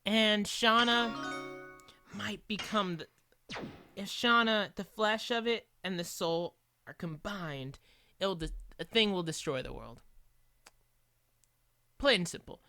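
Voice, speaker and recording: A woman's voice: mid-range voice, slow, pauses often, sharp tone. A woman giving casual, jokey commentary while playing a game, thinking aloud as she goes. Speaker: gaming commentator. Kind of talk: casual let's-play commentary. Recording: game music playing behind.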